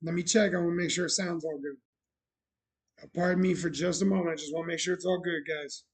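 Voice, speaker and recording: A man's voice: a little high, fairly even intonation, quick pace, slightly rough. A man hosting his own livestream show, telling a rambling story in casual chat with many fillers and restarts. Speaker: bar owner and show host.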